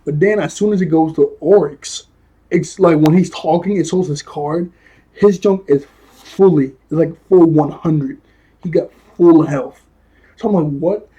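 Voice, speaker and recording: A man's voice: fairly high pitch, a little slow, dark tone, slightly rough. A young man casually recapping a cartoon episode in a rambling, slangy way, often laughing and correcting himself. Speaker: episode reviewer.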